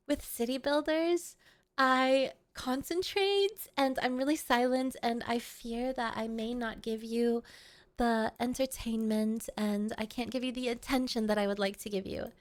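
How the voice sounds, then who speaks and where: A woman streamer chatting casually with her viewers at home, playful, giggly and rambling. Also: high voice. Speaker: VTuber streamer. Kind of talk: casual livestream chat.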